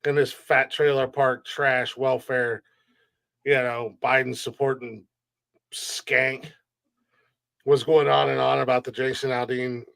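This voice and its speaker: A brash man hosts a comedy podcast, ranting with plenty of swearing. His voice sits at an average pitch and sounds dry and close, with no room echo. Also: flat delivery, slow, creaky, fairly bright tone. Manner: brash, profane ranting with laughs. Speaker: podcast host. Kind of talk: casual comedy podcast chat.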